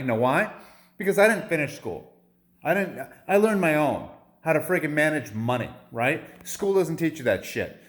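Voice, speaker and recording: A young man in a heated, profane political rant, repeating himself and firing off rhetorical questions. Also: a little high. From United States.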